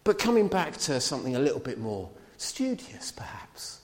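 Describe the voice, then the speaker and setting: A man delivering a sermon, lively and conversational, with asides to the congregation. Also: mid-range voice, moderate pace. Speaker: preacher. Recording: long hall reverb.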